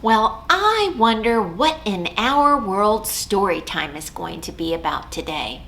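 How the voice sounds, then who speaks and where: A woman leading a children's storytime as a librarian, singing songs and chanting rhymes in a slow, sing-song way. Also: mid-range voice, animated, creaky, sharp tone. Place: library program recorded at home.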